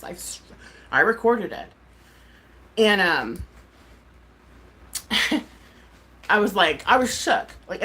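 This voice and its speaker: A woman's voice: mid-range voice, fairly bright tone. A woman, a mom and streamer, ranting casually to her viewers, exasperated and swearing freely with lots of "like". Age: adult mom. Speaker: YouTuber and streamer.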